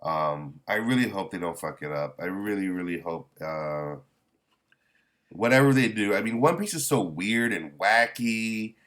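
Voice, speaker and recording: Man with a very deep voice, casual manga review chat, rambling, lots of restarts. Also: lively intonation, fairly bright tone. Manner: rambling, halting with many restarts; candid, mildly profane fan.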